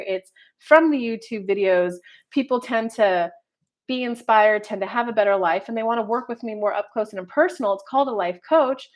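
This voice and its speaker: A woman life coach and tarot reader talking casually to viewers in a rambling, chatty way with many filler words. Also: medium pitch. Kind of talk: casual horoscope video monologue.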